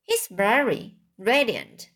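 A woman's voice: a little high, huge pitch swings, slow, fairly bright tone, heavily acted. A woman voicing a tender-hearted farm girl. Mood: earnest.

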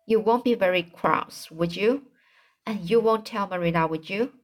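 A woman's voice: mid-range voice, normal speed, natural voice. A woman voicing a mischievous small boy who confides and pleads in a storybook reading. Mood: sheepish.

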